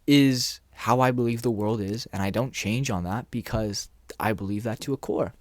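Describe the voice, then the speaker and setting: Man giving relaxed dating advice, dry sound. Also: medium pitch, a little slow, few pauses, no room sound. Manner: relaxed, conversational, acts out little dialogues. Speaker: dating and confidence coach. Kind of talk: casual talking-head advice.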